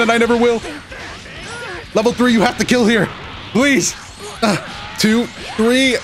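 A young man giving excitable, joking commentary over his own fighting-game matches, yelling at big moments. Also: very high-pitched, measured pace, long pauses. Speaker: gaming channel host. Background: game music.

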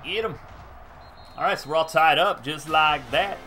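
A man streaming and commentating a football video game live, chatting with viewers and shouting on big plays. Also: on the high side, moderate pace, faint music behind. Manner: excitable, laughs often, breaks into shouting on big plays; chats with viewers. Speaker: gaming streamer.

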